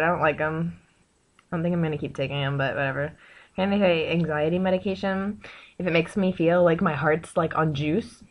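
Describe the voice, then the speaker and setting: A young woman, chatting casually to her camera in a rambling, excitable way with many fillers. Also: fairly low pitch, lo-fi sound. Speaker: vlogger.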